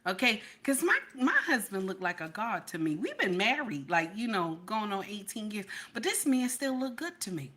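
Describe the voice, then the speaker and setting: A middle-aged woman chatting casually with her livestream viewers, animated and playful, often laughing and repeating herself with a questioning "okay?". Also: mid-range voice, normal speed, few pauses. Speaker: livestream host.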